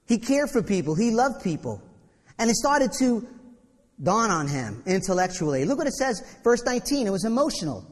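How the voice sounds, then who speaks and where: High-voiced preacher in an echoing hall. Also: male voice, normal speed, breathy edge. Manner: animated, repeats words, acts out quotes. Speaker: pastor. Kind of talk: sermon. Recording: long reverb in a church hall.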